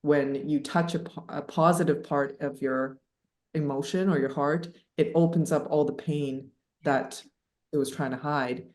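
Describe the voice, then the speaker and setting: A woman in her thirties telling a personal story as a podcast guest, animated and laughing, with many fillers. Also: deep voice, unhurried. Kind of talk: casual storytelling interview. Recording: echoey room.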